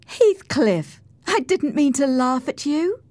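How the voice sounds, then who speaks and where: A woman voicing a lively, spirited young girl who teases, with a high, eager delivery in a storybook reading. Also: slow pace, no room sound. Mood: teasing.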